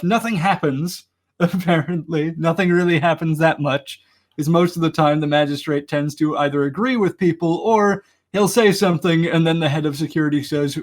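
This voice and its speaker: A man's voice: on the high side, steady tone, moderate pace. A man hosting a casual online community meeting, rambling with lots of fillers and laughs.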